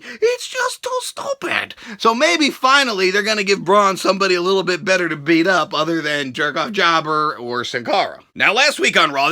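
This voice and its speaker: A young man hosting a wrestling review vlog, ranting crudely and sarcastically with occasional shouts. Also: sits high. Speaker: show host reviewing wrestling.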